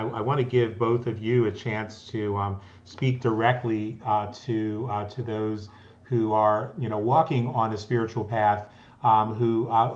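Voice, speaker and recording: Halting low-voiced man host. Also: lo-fi sound. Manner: halting, hesitant, many restarts. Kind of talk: interview talk.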